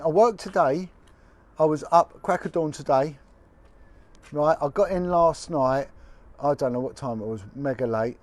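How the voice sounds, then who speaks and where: A man's voice: medium pitch, darkish tone. Blunt, indignant man. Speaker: former detective turned video blogger. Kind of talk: impassioned direct-to-camera update.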